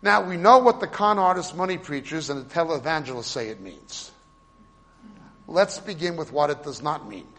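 A man preaching a sermon, explaining Hebrew and Greek words with emphatic stresses and quiet asides. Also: a little high, animated, moderate pace, long reverb tail. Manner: swings between loud stresses and quiet asides.

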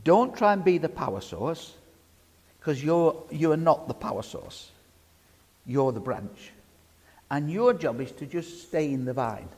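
A man's voice: a little high, very animated, a little slow, a little mellow. A man preaching a sermon, putting questions to the congregation and bantering with them by name. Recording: reverberant hall.

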